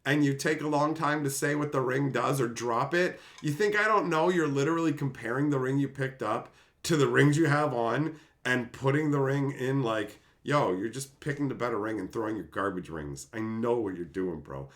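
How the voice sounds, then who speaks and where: A man hosting his own channel, telling a casual, animated gaming story that swears now and then and acts out quotes. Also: mid-range voice, moderate pace. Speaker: channel host.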